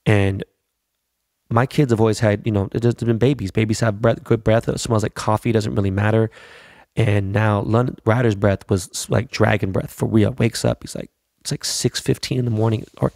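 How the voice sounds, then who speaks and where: A man's voice: on the low side, gravelly, darkish tone, no echo, clean studio sound. A middle-aged man hosting a podcast, rambling through a casual, profane and hyped monologue. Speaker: podcast host.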